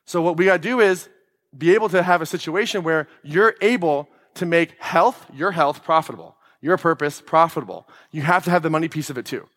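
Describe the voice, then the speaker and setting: A man with a slightly high voice delivers a blunt, emphatic motivational talk to an audience. He swears freely and throws questions at the room. The sound carries a long reverb tail, as if from a large hall. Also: a little fast, a bit bright. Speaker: podcast host giving a talk.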